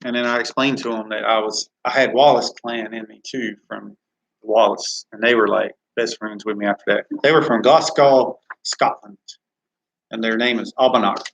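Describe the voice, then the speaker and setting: A man's voice: fairly low pitch, steady tone, moderate pace, gravelly, fairly bright tone, poor audio. A man hosting a live chat Q&A from a studio, rambling and reading viewer comments aloud. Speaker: live stream host.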